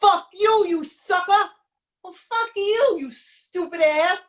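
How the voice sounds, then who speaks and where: A woman voicing two brothers shouting curses at each other, on stage. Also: extremely high pitch, slow pace, pitched above the performer's own voice. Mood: furious. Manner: shouting insults. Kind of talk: solo stage performance. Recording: roomy stage sound, mic far off.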